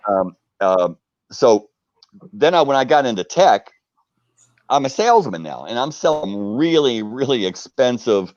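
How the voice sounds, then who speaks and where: Animated middle-aged American man telling stories. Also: on the low side, no echo, lo-fi sound. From United States. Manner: animated, acts out quotes in his stories. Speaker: interview guest. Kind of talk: casual storytelling on a live video chat. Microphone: video call.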